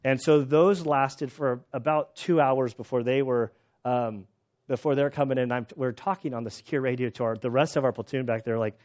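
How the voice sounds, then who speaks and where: A man preaching a sermon, telling stories with animated retellings and laughter. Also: medium pitch, moderate pace, lo-fi sound. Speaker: pastor.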